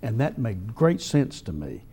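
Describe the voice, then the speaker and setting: An older man, a columnist telling folksy stories in an interview at a drawn-out pace. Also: mid-range voice, very animated, warm tone, breathy edge. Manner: folksy, drawn-out storytelling with chuckles. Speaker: newspaper columnist and humorist. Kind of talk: storytelling interview answers.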